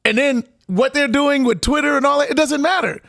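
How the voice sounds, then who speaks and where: Gravelly high-voiced man in sports chat. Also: fairly quick, no room sound, studio quality. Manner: animated, laughing, talks over his partner. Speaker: podcast co-host.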